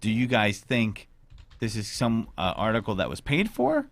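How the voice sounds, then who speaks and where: A man's voice: lowish voice, huge pitch swings, normal speed. A man hosting a casual podcast chat, rambling and joking with crude language. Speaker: podcast host.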